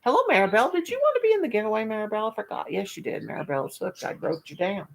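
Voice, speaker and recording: A woman's voice: mid-range voice, very animated, quick pace, vocal fry. An older woman, hosting a casual livestream chat with viewers, folksy and self-mocking, laughing at her own jokes. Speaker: livestream host.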